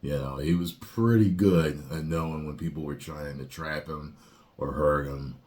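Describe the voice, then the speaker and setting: Man with a very low voice, rambling reaction host. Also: normal speed. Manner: rambling, with many fillers and sudden loud rants. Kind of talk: casual reaction commentary.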